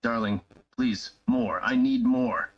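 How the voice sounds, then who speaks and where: A man's voice: mid-range voice, fairly even intonation, takes it slowly. A man voicing a reserved young lover in a first-person romance role-play, breathless and pleading. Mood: whispered begging. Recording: dull lo-fi sound.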